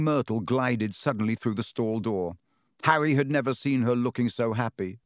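A man's voice: mid-range voice, no room sound. Man narrating a storybook, dry and close. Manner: measured storytelling, voices each character. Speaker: audiobook narrator. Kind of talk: scripted narration.

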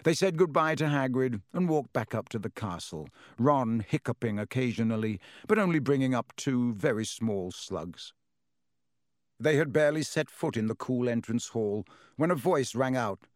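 A man narrates a storybook in an even, measured voice of middle pitch. The sound is close-miked and very dry, with no room around it. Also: dry recording. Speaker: audiobook narrator.

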